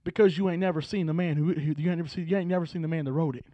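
A preacher voicing the early church evangelist Philip, talking quickly and in a hushed, persuasive way. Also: male voice, on the high side, steady tone, no room sound, lo-fi sound, natural voice. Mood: eager.

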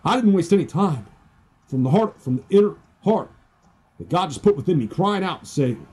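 A man's voice: sits high, animated, moderate pace, a little mellow, breathy edge. A man preaching his personal testimony with fervor, quoting scripture in old-fashioned wording. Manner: fervent, preachy, quotes scripture in King James wording. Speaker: evangelist giving testimony.

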